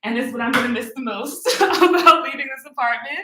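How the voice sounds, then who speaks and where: A woman's voice: high voice, brisk, bright, forceful tone. A woman in her twenties chatting casually to live-stream viewers while she walks through a modern apartment, picked up by a camera mic. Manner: chatty and playful, talks straight to viewers. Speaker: YouTuber giving an apartment tour. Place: modern open-plan apartment, indoors. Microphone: camera mic, walking through rooms. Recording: echoey apartment rooms.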